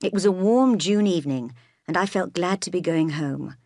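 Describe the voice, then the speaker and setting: Woman narrator, calm storytelling, lowish voice, dry close sound. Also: normal speed, no echo. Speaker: audiobook reader. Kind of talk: scripted narration.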